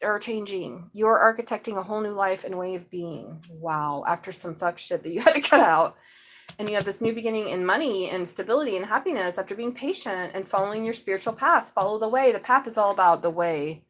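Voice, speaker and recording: A middle-aged woman reads tarot live, her talk loose and chatty. She gets excited and swears freely. Her voice sits at an ordinary middle pitch for a woman. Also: low-quality recording. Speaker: tarot reader.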